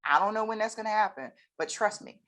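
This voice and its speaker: A woman's voice: medium pitch, quick pace. A woman, chatting casually as a guest and acting out conversations as she tells them. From North Carolina, USA. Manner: animated storyteller, acts out both sides of conversations. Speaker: guest, accounting firm owner. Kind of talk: casual chat.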